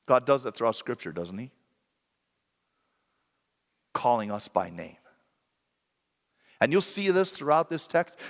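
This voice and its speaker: A man's voice: medium pitch, fairly bright tone, big-room sound. A man preaching a sermon in an earnest, reflective way, sometimes correcting himself mid-sentence.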